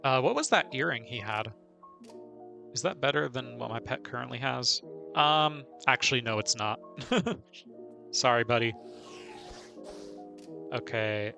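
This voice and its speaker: Male streamer, bright, forceful voice, chatty play-by-play with frequent laughs. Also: medium pitch, moderate pace, creaky, soft background music. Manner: chatty, laughs often, narrates own moves. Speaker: game streamer. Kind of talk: casual live gameplay commentary.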